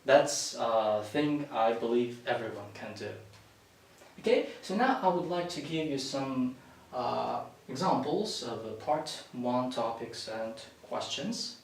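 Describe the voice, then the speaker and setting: A man's voice: mid-range voice, expressive, slow. A man whose first language is Russian teaches an English speaking-exam lesson, explaining tips and often restarting and correcting himself. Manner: instructive, with frequent restarts and self-corrections. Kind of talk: spoken exam-prep lesson. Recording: very echoey room, far from the mic, faint hiss.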